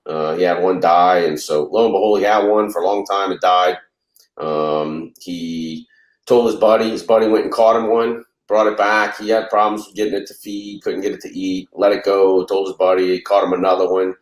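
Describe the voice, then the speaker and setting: A man's voice: sits low, steady tone, normal speed. A man and reptile breeder, a guest on the show, telling a rambling, casual story and acting out the dialogue. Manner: rambling, acts out dialogue in anecdotes. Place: lives in Louisiana. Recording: roomy echo.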